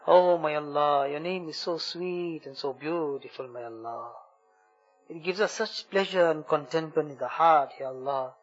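A man's voice: on the high side, moderate pace, muffled recording. A man leading a fervent devotional supplication, pleading and repeating invocations in long heartfelt runs.

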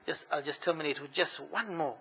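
A male preacher telling stories in a sermon, animated narration with shifting volume. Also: on the high side, a little fast, vocal fry, slight background noise. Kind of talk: sermon storytelling. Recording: muffled lo-fi recording.

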